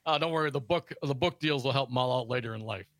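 A man's voice: medium pitch, fast talker, fairly bright tone, no room sound. A man co-hosting a political talk show, reading news stories aloud and adding sarcastic asides.

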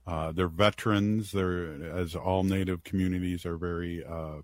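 Very deep-voiced male host. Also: little pitch movement, moderate pace, no echo. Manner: loose, hesitant, with frequent uhs. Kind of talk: casual conversation.

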